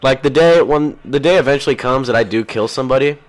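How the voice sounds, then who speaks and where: A man's voice: medium pitch, quick pace. A man hosting a podcast in casual rambling chat, crude and profane, jumping from one thing to the next. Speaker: podcast host.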